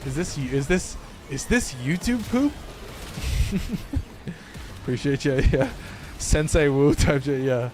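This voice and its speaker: A man's voice: fairly high pitch, slow, pauses often, darkish tone, soft background music. Laughing, rambling male game streamer. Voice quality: rambling, joking, laughs often. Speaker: gaming streamer. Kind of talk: casual live-stream chat.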